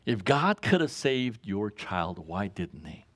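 A man preaching a sermon, reading scripture and asking the congregation to finish his lines, chuckling often. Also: slow. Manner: call-and-response questions to congregation, chuckles often; reads scripture aloud, rises in pitch when animated. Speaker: pastor.

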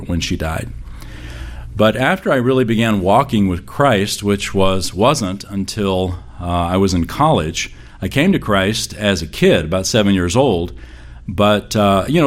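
A man preaching in a conversational, storytelling way, rambling with frequent restarts as he recalls family memories. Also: low voice. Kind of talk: sermon storytelling.

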